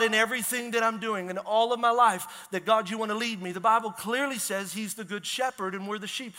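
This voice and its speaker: Energetic high-voiced male pastor preaching. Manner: energetic, conversational preaching with audience questions. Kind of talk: sermon. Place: church sanctuary. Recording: long hall reverb.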